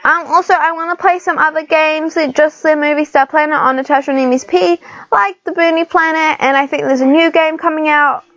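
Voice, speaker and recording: A woman's voice: high voice, fairly even intonation, a little fast, fairly bright tone, dry recording, lo-fi sound. A woman, chatting and giggling casually as she talks through a computer game for her channel. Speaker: gaming channel host. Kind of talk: casual screen-recorded gameplay commentary.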